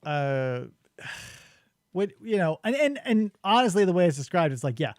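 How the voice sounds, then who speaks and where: Guy cohosting a book podcast, high pitched and all over the place, swears a lot, does little voices for quotes. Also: moderate pace, no echo, studio quality. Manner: animated, swearing, acts out witness quotes. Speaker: podcast co-host. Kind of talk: casual comedic book discussion.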